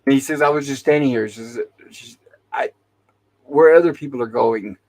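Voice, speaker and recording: A man's voice: medium pitch, normal speed, darkish tone, rough recording. A man hosting a talk show, casually retelling TV episode scenes and quoting the characters' lines. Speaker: podcast host.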